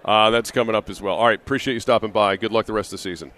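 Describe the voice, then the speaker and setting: A man's voice: fairly low pitch, steady tone, racing, fairly bright tone. Rambling man hosting live sports radio. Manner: conversational, rambling with fillers and restarts. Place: live broadcast from an arena.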